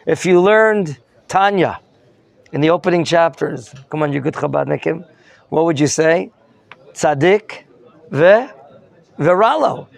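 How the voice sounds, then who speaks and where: A man's voice: fairly high pitch, expressive, unhurried, creaky, pauses often. A man teaching a Torah lesson as a rabbi, questioning his students and mixing in Hebrew terms. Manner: questions the students and prompts answers.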